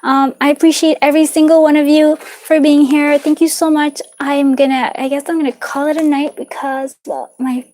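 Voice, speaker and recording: A woman doing a live card reading, talking in a warm, chatty, reassuring way with lots of fillers and little laughs. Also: high-pitched, level tone, moderate pace, few pauses. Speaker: tarot and charm reader.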